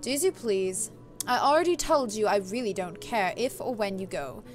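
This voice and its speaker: A woman's voice: medium pitch, normal speed, soft background music, close to an everyday voice. A woman reading as a sardonic aloof sister. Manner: flat, sardonic, uninterested. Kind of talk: reading a visual novel aloud.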